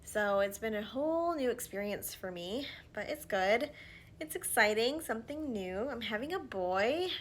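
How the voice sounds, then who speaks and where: A woman's voice: a little high, lively intonation, moderate pace. Thirties woman vlogger, casual chat at home, slightly winded, a faint hiss behind her. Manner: chatty, filler-heavy, drops to soft asides while applying makeup. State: slightly out of breath from pregnancy. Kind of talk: casual get-ready-with-me chat. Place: at home, indoors.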